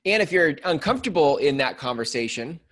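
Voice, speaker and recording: A man's voice: on the high side, big pitch swings, fairly quick, fairly bright tone. A man co-hosting a podcast, speaking reflectively and casually, with loose fillers and restarts. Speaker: co-host. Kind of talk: podcast conversation.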